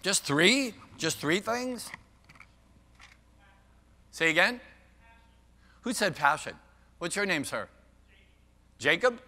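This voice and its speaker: A man's voice: high voice, sing-song, takes it slowly, long pauses, sharp tone. An older man giving a keynote talk, playful and self-mocking, bantering with the audience by name. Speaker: keynote speaker. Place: large conference hall. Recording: long hall reverb.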